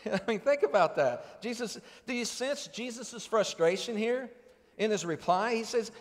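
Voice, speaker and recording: High-voiced preacher in a reverberant sanctuary. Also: male voice, animated, measured pace. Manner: earnest, conversational preaching with rhetorical questions. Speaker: pastor. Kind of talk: sermon. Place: church sanctuary. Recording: church sanctuary with long reverb.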